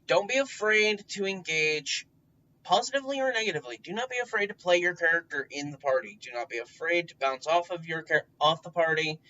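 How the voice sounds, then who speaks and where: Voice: medium pitch, sharp tone. A tabletop player rambles through advice in a loose, chatty monologue, starting over mid-thought and leaning on fillers, with a curse word now and then. The voice sits back from the mic. The recording is muffled and a little lo-fi. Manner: rambling, many fillers and restarts, occasional swearing. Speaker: tabletop game player giving tips. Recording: dull distant recording.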